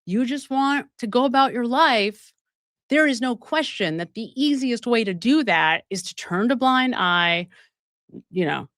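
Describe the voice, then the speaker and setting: Animated woman host, laughing as she talks. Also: mid-range voice, no room sound, studio quality. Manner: animated and emphatic, laughing often mid-sentence; talks straight to viewers with many asides. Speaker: livestream host. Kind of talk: live-stream true crime commentary.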